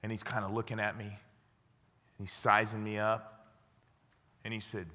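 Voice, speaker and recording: A man's voice: fairly low pitch, measured pace. A man, a former army interrogator, telling stories to an audience in a lecture hall and acting out the dialogue. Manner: animated, acts out dialogue. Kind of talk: storytelling lecture.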